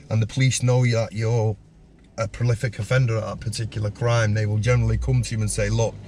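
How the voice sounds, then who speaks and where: A man's voice: medium pitch, darkish tone, slight background noise. A man in casual chat, explaining things plainly and agreeing often. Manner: chatty, frequent agreeing fillers. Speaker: former prison officer, co-host.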